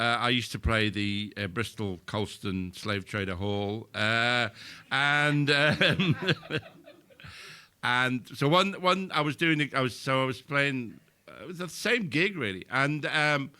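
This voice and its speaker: A man's voice: mid-range voice, sharp tone, clean tone. An older male comedian telling sweary anecdotes on a live podcast, laughing as he goes. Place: live venue with audience.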